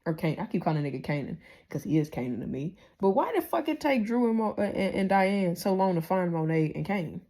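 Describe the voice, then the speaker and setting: A woman hosting a casual TV recap, ranting with heated, profane rhetorical questions and big swings in pitch and loudness. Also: big pitch swings, quick pace, few pauses. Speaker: TV recap host.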